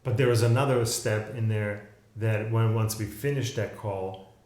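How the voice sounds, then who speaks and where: Man, casual podcast co-host, halting and rambling, lots of restarts, roomy echo. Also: fairly low pitch, fairly even intonation, darkish tone. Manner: rambling, halting, self-correcting storyteller. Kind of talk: casual conversation.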